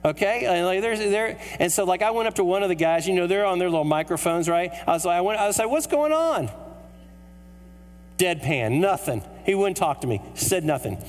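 A man from the United States preaching a sermon, telling a funny story in an animated, comic way. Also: high-pitched, quick pace, few pauses. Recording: hall reverb with mains hum.

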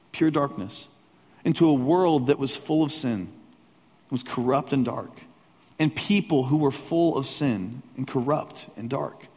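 A man's voice: a little high, darkish tone, breathy edge. A male pastor preaching a sermon in a church, telling a personal story in a conversational way with humorous asides. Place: church sanctuary with a congregation. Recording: long hall reverb.

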